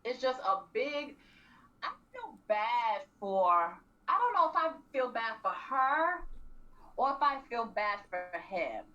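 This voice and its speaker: A woman co-hosting a radio show, animatedly recapping a reality series and acting out quotes with frequent throat clearing. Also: a little high, very animated, slow, sharp tone. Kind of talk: casual recap chat. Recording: distant, dull lo-fi radio mic.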